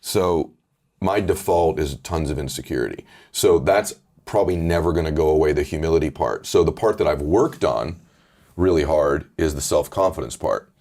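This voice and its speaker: A man with a deep voice, talking candidly as a guest author in a casual interview. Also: normal speed, darkish tone. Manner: earnest, candid storytelling.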